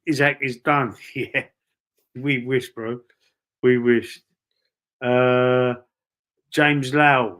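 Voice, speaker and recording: A man's voice: mid-range voice, fairly bright tone. A man from East London with a Cockney accent, hosting a casual live stream, reading out chat and swearing freely as he talks. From East London, England. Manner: chatty, swears freely, calls viewers bro and mate. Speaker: livestream host reading chat.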